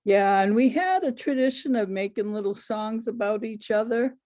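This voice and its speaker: A woman storyteller answering audience questions over a video call in an unhurried, easygoing way. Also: on the high side, dark tone.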